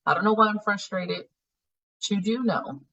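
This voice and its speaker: A woman facilitating a spiritual healing class, coaching her students in a blunt, profane, animated way and laughing often. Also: medium pitch, normal speed, recorded from a distance, dull audio. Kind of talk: live online class teaching.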